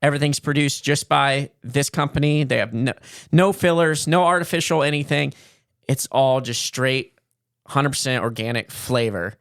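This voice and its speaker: A man's voice: medium pitch, moderate pace, a bit bright, no echo. Chatty male podcast host, dry sound. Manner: chatty, loose ad-lib spiel with fillers. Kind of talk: casual chat and sponsor read.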